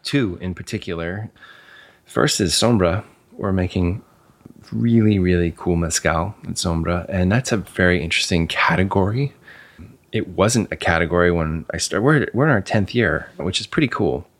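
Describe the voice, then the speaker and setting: A man's voice: low voice, moderate pace. A man talking as a guest in casual conversation, candid and emphatic, sometimes swearing and repeating words as he finds his phrasing.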